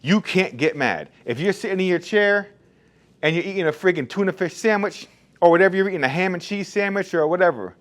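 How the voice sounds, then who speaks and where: A man with a high-pitched voice talks fast about the rules of the barbershop he owns. His casual monologue is blunt and emphatic, straight talk throughout.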